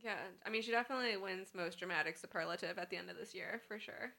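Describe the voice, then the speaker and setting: A woman's voice: medium pitch, fast talker, gravelly, sharp tone. A woman co-hosting a podcast, recapping and reading from a novel in a casual, giggly chat. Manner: giggly, recaps and reads aloud from the book. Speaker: podcast co-host.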